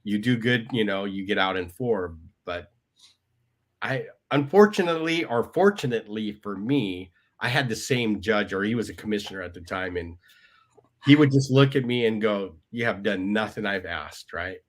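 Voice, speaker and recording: Low-voiced man telling his story. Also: lively intonation, moderate pace. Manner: conversational, tag questions, quoting others. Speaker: guest. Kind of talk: storytelling interview.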